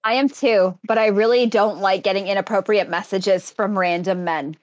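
A woman's voice: mid-range voice, steady tone, normal speed, dry recording. A woman in an online meeting, hesitantly complaining to the group with many ums.

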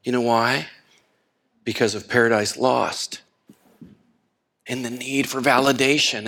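An older man preaching a sermon, swinging from loud and impassioned to low and hushed, with folksy asides and laughter. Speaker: pastor.

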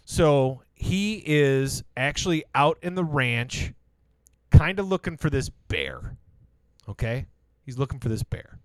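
A man in casual podcast chat, retelling a show's plot with lots of swearing and excited jumps in his voice. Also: slow pace, smooth, no room sound. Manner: animated storyteller, swears a lot, jumps high when excited. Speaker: podcast co-host.

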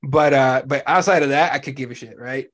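A man's voice: mid-range voice, brisk, a bit bright. A man hosting a sports podcast in casual chat, blunt and profane, ranting with lots of animation. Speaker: podcast host.

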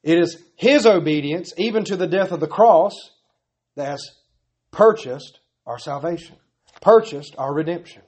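A man's voice: fairly high pitch, animated, unhurried, a little mellow, breathy edge, muffled recording. A man preaching a sermon, earnest and pleading, building his points through repetition. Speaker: pastor.

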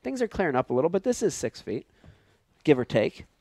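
A male host with a high, springy voice that swoops up and down as he greets the audience and banters with friends. He laughs often and talks in a dry, close sound with no room ring. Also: big pitch swings, fairly quick, gravelly, warm tone, no echo. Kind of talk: live show banter.

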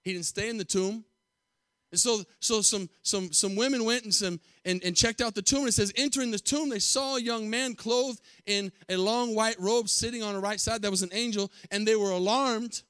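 A male pastor preaching a sermon with emphatic repetition, calling out to the congregation and swinging from hushed tones to loud declarations. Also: high voice, steady tone, moderate pace, clear, resonant tone, dry recording, clean studio sound.

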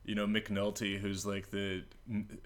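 A man's voice: fairly low pitch, monotone, unhurried. Rambling, joking man in casual chat. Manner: rambling, filler-heavy, jokey impressions. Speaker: podcast co-host.

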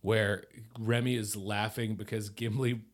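A man co-hosting a podcast, chatting about a TV episode in an animated, joking way, with casual swearing. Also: lowish voice, unhurried. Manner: animated, joking, swears, puts on silly accents. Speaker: podcast co-host. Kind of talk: casual chat recapping a TV episode.

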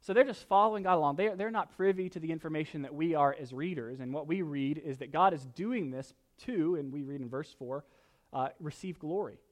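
A man preaching a sermon, reading scripture loudly and slowing for emphasis, with light joking asides. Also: fairly high pitch. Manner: animated, rises loud when reading scripture, jokes asides. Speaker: pastor.

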